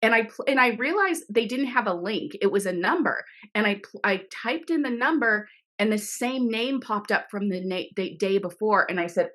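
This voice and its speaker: A middle-aged woman, an author, telling a story in a casual interview over a video call, animated and laughing often, with many restarts. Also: mid-range voice, moderate pace. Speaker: author guest.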